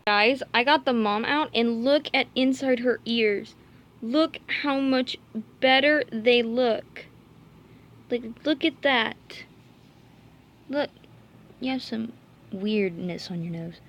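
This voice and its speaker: A woman's voice: on the high side, takes it slowly, long pauses, fairly bright tone. A woman chatting casually in a home vlog, rambling and cooing to her pet rabbits while filming with a handheld camera. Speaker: vlogger.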